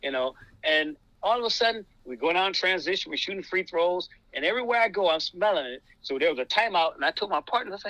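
A man tells a story from officiating a game, with lots of energy and restarts. His voice is high and bright and sounds dry and close. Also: quick pace, no room sound, low-quality recording. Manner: animated, repeats words and says "man" a lot. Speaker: basketball referee guest. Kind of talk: casual storytelling.

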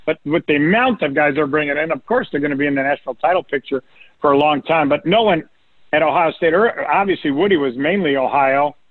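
An older man talks sports on a call-in radio show, rambling through stories and quoting coaches in a lifted voice. His voice sits a bit high, and the sound is dry and squeezed like a phone line. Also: fast, no echo. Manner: storytelling, quotes coaches in a raised voice. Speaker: recruiting analyst guest. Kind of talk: casual radio sports talk.

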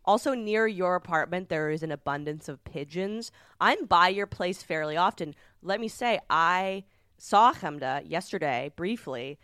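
A woman co-hosting a comedy podcast from home, telling animated stories with swearing and laughter. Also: lowish voice, unhurried, dry recording, studio quality. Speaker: podcast co-host. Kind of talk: casual comedic chat. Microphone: remote podcast mic.

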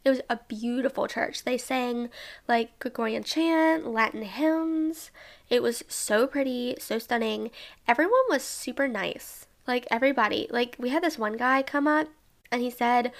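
A woman's voice: a little high, unhurried. A young woman from Alabama chatting casually about a trip with her sisters, bubbly and full of "like" and little laughs. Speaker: travel vlogger. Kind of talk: casual travel recap.

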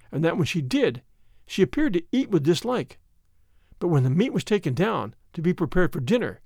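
Male narrator, high voice, very animated, dramatic gothic storytelling, dry close sound. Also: dry recording. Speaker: audiobook narrator. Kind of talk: scripted narration of a gothic tale.

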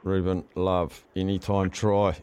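A man's voice: sits low, flat delivery, slow, noisy background. A man with a New Zealand accent hosting a casual radio call-in show, chatty and upbeat with callers. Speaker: radio host.

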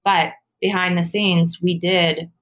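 A woman guest in a casual interview, telling her story in a lively, animated way with many fillers and laughs. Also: on the low side, slow pace. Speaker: guest, former pro cyclist and author.

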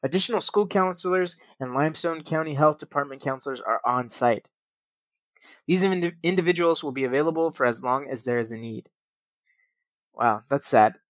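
Young guy podcaster reading weird news, kinda high voice, curses a lot, dry close mic. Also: normal speed, fairly bright tone, no echo. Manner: swears often, laughs at own slips. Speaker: podcast host. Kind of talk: casual news-reading commentary.

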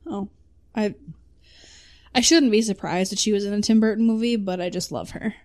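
A mid-pitched woman chatting casually about movies with a friend. She is playful and quick with teasing quips. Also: darkish tone. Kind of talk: casual chat.

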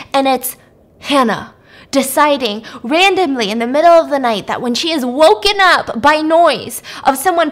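A woman's voice: sits high, fairly bright tone. A young woman hosting a podcast, casually recapping a movie in a chatty, filler-heavy way and swearing often. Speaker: podcast host.

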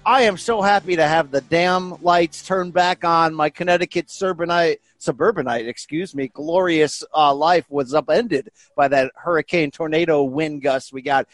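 A man hosting a podcast, talking in a hyped, jokey, animated way. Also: a little high, normal speed, hardly any pauses, no room sound, faint music behind. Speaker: podcast host. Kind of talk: energetic podcast chat.

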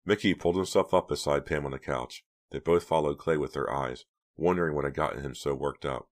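A man reading a novel aloud as audiobook narrator, steady storytelling. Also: very deep voice, a little fast. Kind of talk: scripted narration.

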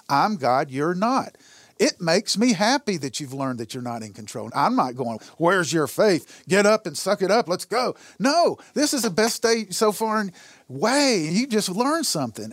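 A man's voice: on the high side, no room sound. A man sharing a personal testimony in an earnest storytelling way, acting out the dialogue in his stories. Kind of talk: conversational testimony.

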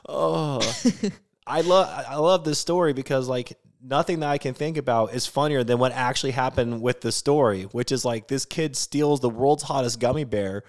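A man co-hosting a podcast in casual chat, ranting with animated swings and swearing freely between laughs. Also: mid-range voice, normal speed. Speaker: podcast co-host.

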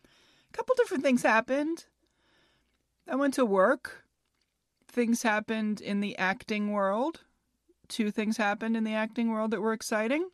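A woman in her fifties hosts a casual solo podcast, chatty and self-mocking as she laughs at her own jokes. Her voice is medium in pitch, captured in a dry, studio-quality recording.

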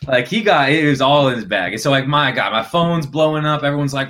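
Man telling a lively sports story. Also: medium pitch, fairly quick. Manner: animated, acts out quotes in shifting voices. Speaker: sports reporter. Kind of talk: casual storytelling on a podcast.

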